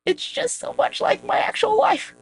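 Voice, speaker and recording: A woman's voice: very high-pitched, moderate pace, gravelly. A woman hosting her own podcast, rambling in a casual, profane, self-mocking monologue aimed straight at her viewers. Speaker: podcast host.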